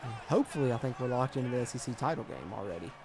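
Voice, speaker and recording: A man's voice: medium pitch, lively intonation, racing. A man chatting through a football video game stream, swinging between frustration and hype as he reads viewer comments. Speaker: gaming streamer. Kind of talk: live gameplay commentary and chat.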